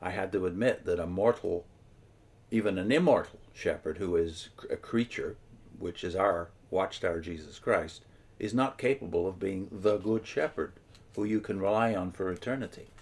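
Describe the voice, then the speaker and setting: Man co-host with a deep voice; earnest, emphatic scripture commentary. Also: moderate pace, darkish tone, husky. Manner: earnest, emphatic explaining with restarts. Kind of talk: explanatory religious discussion.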